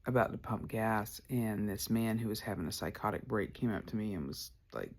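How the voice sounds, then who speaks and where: Guy telling his story on a podcast, kinda gravelly, rambles with lots of likes. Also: fairly low pitch, brisk. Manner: candid, rambling, lots of "like" fillers. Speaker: podcast host. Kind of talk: personal storytelling.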